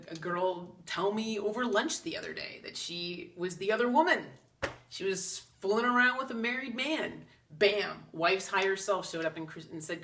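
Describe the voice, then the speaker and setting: A woman's voice: on the low side, moderate pace, a bit bright. Chatty woman, roomy and distant. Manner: earnest, chatty, with quoted asides. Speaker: psychic channel host. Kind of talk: casual spiritual talk to camera.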